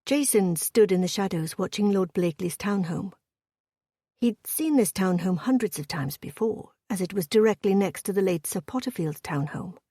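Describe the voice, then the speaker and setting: A woman narrating a historical romance audiobook in a steady, measured storytelling voice. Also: medium pitch, dry recording, studio quality.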